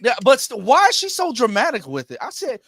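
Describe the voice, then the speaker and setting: Man, host, casual movie chat, high lively voice, bright tone, dry close sound. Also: brisk, gravelly, dry recording. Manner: rambling and animated, restarts with "anywho". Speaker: live stream host and movie reviewer.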